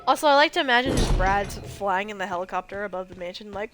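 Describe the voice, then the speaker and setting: Over a noisy background, a gameplay streamer in her twenties keeps up chatty, joking let's-play commentary full of exclamations. She talks quickly in a mid-range voice, with few pauses.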